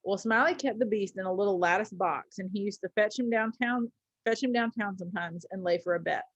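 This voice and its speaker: A woman's voice: mid-range voice, a little fast, no echo, highs cut off. A woman teacher reading a story aloud to a class, with casual asides and small slips.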